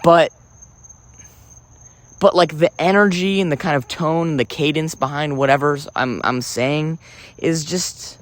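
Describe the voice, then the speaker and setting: Pitched on the high side, this vlogger's voice holds a steady tone at normal speed with no room sound. His comic monologue rambles theatrically and profanely, repeatedly cutting itself off and starting over.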